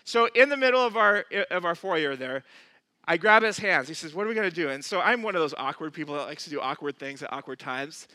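A male pastor preaching with a high, piercing, very bright voice. He tells a story in a lively way, jumps into the voices of the people in it and laughs at his own jokes. The sound is close and completely dry. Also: brisk, dry recording. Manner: animated storyteller, acts out quotes, laughs at himself. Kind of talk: sermon with storytelling.

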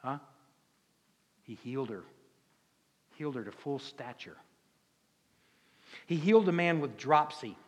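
In the church sanctuary, the Southern-accented male pastor keeps his sermon homey and conversational, full of rhetorical questions. He speaks in an expressive mid-range voice at a measured pace, leaving long pauses that trail off into a long reverb tail.

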